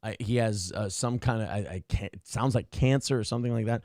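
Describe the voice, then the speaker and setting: A morning show co-host rants bluntly and profanely about people in the clips, mocking them with put-on voices. His voice is on the low side and darkish, and he talks quickly, recorded dry with clean studio sound.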